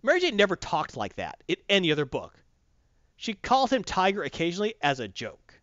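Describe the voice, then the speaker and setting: Guy with a high lively voice trashing a comic, swears a lot, dry dull recording. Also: a little fast, dry recording. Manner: blunt and profane, mocking, animated. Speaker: comic book reviewer. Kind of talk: casual opinionated review chat. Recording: dull dry close-mic sound.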